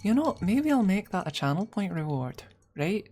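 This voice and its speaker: A woman's voice: medium pitch, very animated, moderate pace, dark tone, a little hiss or hum. A woman ASMR streamer chatting casually and playfully with her viewers, joking between tasks.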